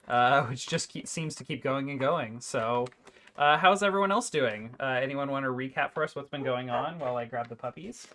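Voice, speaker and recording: Chatty gm guy opening the stream, even mid pitch, bit of noise behind him. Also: normal speed. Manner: chatty, restarts often with filler words. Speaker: game master and host. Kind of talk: live stream intro.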